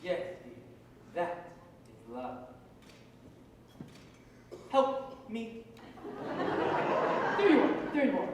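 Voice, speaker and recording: An actress playing a flustered elderly hostess with a weak heart, fussy and theatrical, on stage in a musical. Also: female voice, mid-range voice, huge pitch swings, extremely slow, pauses often, heavy background noise, full character voice. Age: older. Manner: fussy and theatrical, swooping exclamations. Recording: echoey theatre stage, mics far off.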